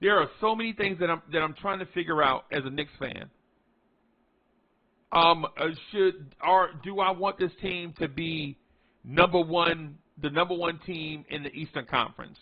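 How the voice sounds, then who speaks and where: A man's voice: on the high side, moderate pace, muffled recording. A man from the New area, chatting casually about his basketball team, repeating himself and stretching out key words for emphasis. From New York tri-state area. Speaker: sports fan vlogger. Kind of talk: casual sports commentary.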